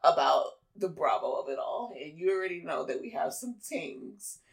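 A woman's voice: deep voice, expressive, moderate pace, vocal fry. A woman co-hosting a podcast, sassy and playful in casual chat. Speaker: podcast co-host.

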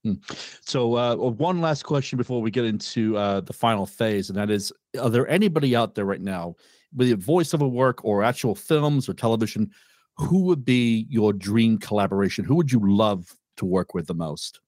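Low-voiced male podcast host. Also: expressive, moderate pace, darkish tone, no echo, clean studio sound. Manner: plain, direct questioning. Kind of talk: interview questions.

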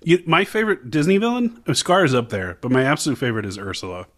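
A man's voice: mid-range voice, lively intonation, fast, fairly bright tone. A man hosting a comedy podcast, chatting loosely and jokingly from a script. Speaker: podcast host. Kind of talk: casual comedic chat.

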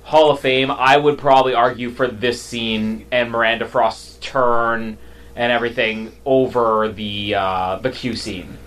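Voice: mid-range voice, steady tone, a little slow, fairly bright tone. A co-host giving casual movie commentary, giggly, rambling and opinionated. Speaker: podcast co-host.

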